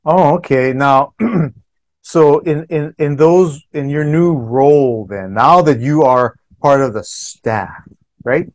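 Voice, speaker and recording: A man's voice: fairly high pitch, slow pace. A man hosting a casual radio interview, asking long, friendly, rambling questions with the odd chuckle. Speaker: radio show host, interviewer.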